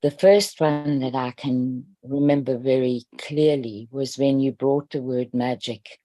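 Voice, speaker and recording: A woman reading a heartfelt note to a group in a gentle, earnest way. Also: a bass voice, measured pace, dry recording. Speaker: group participant.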